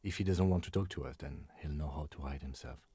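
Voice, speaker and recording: A man voicing a calm, methodical male police detective in a game, speaking in a level, matter-of-fact way. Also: extremely low pitch, fast, husky, dry recording, heavily acted. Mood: composed.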